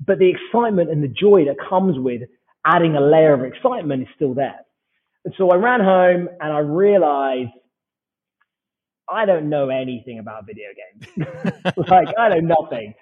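A British man in his forties tells stories with animated energy, acting out each exchange of dialogue. His voice is a touch high and slightly husky, and it comes through a tinny, phone-like line. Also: moderate pace, pauses often. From United Kingdom. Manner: animated anecdotal storyteller who acts out dialogue. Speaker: startup founder, podcast guest. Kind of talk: casual storytelling interview.

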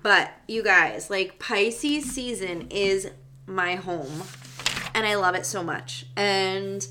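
A woman's voice: mid-range voice, takes it slowly, noisy background. A young adult woman hosting a spiritual podcast as a psychic medium, talking in a chatty, bubbly way with lots of fillers. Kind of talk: casual chat.

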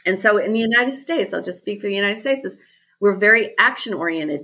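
A woman's voice: medium pitch, lively intonation, a little fast, pushed and bright. A woman guest who leads retreats, talking thoughtfully in a podcast conversation and repeating her key phrases.

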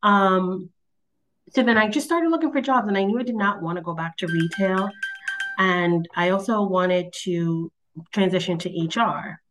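A woman hosting a podcast as an HR professional, telling her story in a relaxed, chatty way. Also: medium pitch, normal speed, a little hiss or hum. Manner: relaxed, chatty, light laughs. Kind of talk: casual conversational storytelling.

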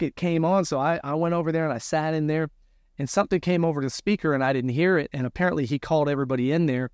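A man with a somewhat high voice tells his story, lively and animated, and he acts out each quoted line. The sound is dry and close, with no room echo. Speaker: guest telling his story. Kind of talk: conversational storytelling.

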